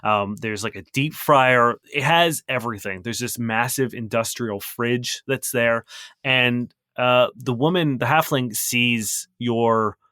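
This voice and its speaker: A man's voice: mid-range voice, slow, bright, forceful tone, clean tone, dry recording, clean studio sound. A man narrating as game master in a casual, rambling way.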